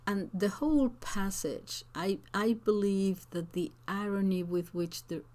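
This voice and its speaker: A woman teacher answering viewers' comments in an unscripted talk, slow and thoughtful, with frequent hesitations and restarts. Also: lowish voice, warm tone. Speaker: language teacher and channel host.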